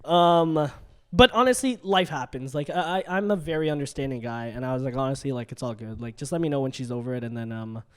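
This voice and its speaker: A man's voice: medium pitch, fast, clear, resonant tone. A man co-hosting a casual podcast, talking in an easygoing, chatty way with lots of fillers. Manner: easygoing, chatty, says "like" often. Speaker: podcast co-host. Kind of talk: casual chat.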